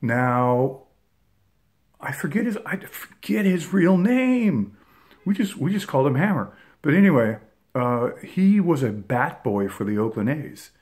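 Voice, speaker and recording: A man in his fifties tells an old personal story at an easy, unscripted clip. He rambles, stops to restart his sentences and drops plenty of fillers along the way. His voice sits at an ordinary middle pitch. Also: sing-song, measured pace, a little mellow. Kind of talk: casual anecdote.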